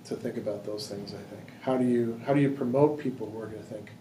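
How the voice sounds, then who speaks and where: A man speaks fast in a low-ish, mellow voice while leading a book discussion in a library room. The casual talk is full of fillers and restarts as he thinks aloud, and the distant mic captures a roomy hall and faint noise.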